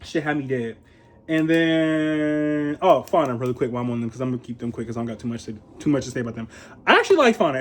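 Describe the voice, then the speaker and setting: A young man from Ohio giving a casual, profane commentary on a reality show. He is chatty, laughs often and makes animated asides. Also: high-pitched. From Columbus, Ohio, USA. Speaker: reality TV reviewer.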